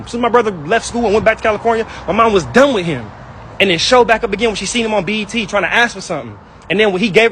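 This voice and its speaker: A man's voice: high voice, fairly bright tone, a little hiss or hum, poor audio. A young man in a heated personal rant, angry and hurt, talking in slang and repeating himself.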